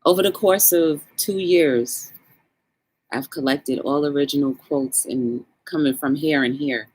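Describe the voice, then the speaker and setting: A woman's voice: low-pitched, a little slow, slightly rough. A woman hosting a livestream talk show, chatting casually and encouraging her viewers. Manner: animated, encouraging, greets chat viewers.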